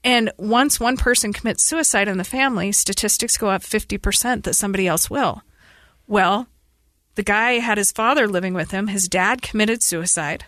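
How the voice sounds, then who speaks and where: A woman in her forties, a podcast guest, telling a painful family story in an earnest, urgent, fast-flowing way. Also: medium pitch, fairly bright tone, dry recording. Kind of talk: emotional personal interview.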